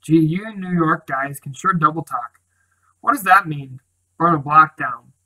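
A man's voice: fairly high pitch, a little slow, sharp tone, heavily acted, low-quality recording. A man voicing a brash, cocky teenage town boy in a storybook reading, teasing and streetwise.

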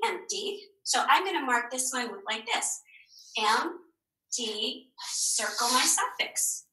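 Bright, slow-talking woman teacher. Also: high-pitched. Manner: slow, encouraging, asks questions and answers them herself. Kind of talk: recorded phonics lesson for young children. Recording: echoey room.

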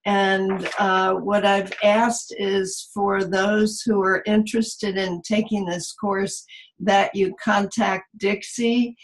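A middle-aged woman teaching a memoir seminar over a video call from home, talking in a halting way with many fillers. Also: mid-range voice, little pitch movement, poor audio. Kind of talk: online video call presentation. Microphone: computer mic on a video call.

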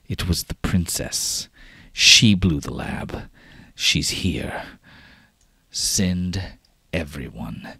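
A man's voice: extremely low pitch, a bit bright, husky, dry recording, exaggerated voice. A man voicing Doctor Feichel, a cold and calculating woman scientist, in clipped, urgent lines.

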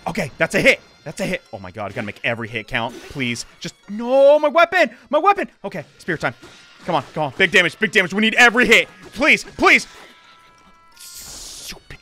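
A young man giving loud, excitable, jokey commentary as a let's play host. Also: high voice, fast talker, soft background music.

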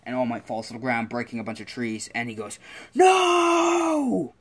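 A man's voice: medium pitch, flat delivery, fast talker. A man telling a story casually, rambling along with lots of fillers and restarts.

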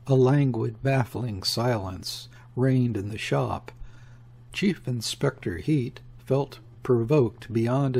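A man reading a classic novel aloud as an audiobook narrator, in a steady, unhurried way. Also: mid-range voice, husky. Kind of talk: measured literary narration.

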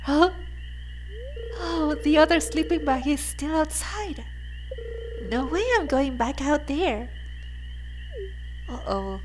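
Giggly high-voiced woman, very slow-talking. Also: darkish tone. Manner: giggly and gushing, laughs often. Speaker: let's play host. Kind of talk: casual game commentary. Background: faint game music.

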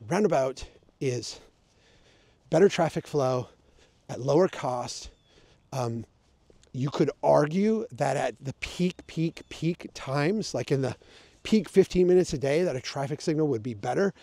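A man's voice: on the high side, lively intonation, a little slow, vocal fry, dark tone, no echo. A man explaining his point of view in a casual vlog, talking conversationally with emphatic, sarcastic asides. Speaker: urban planning advocate.

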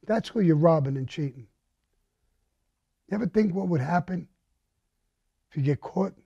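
Blunt, foul-mouthed New man, dark voice. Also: on the high side, expressive, moderate pace, gravelly, husky, no room sound, highs cut off. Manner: blunt, profane, menacing storytelling. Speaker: storyteller. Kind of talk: recounting a crime story.

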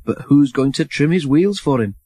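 A man's voice: on the high side, animated, normal speed, dark tone, husky, no echo, studio quality. A man voicing a big male steam engine in a storybook reading, blunt and chortling. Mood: grumbling.

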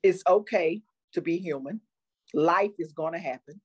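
A woman's voice: lowish voice, normal speed, husky. A woman guest speaking in an encouraging, motivational way during a casual interview.

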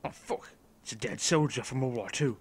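A man giving comedic in-character commentary over a video game, swearing constantly and breaking into sudden excited outbursts. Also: medium pitch, quick pace, background noise. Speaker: gameplay commentator.

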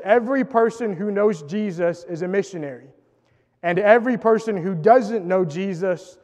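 A man's voice: high voice, a little mellow. A man preaching a sermon in an earnest, emphatic way, recorded in a church auditorium. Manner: earnest, emphatic preaching with rising intensity on quotes. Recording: dull sound in a reverberant church hall.

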